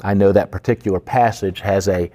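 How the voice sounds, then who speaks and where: A man with a low-pitched voice delivers a sermon on Greek word meanings. He talks in a conversational way, full of fillers and questions put to his listeners. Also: steady tone, a little fast, warm tone. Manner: conversational, with fillers and asides to the congregation. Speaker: pastor.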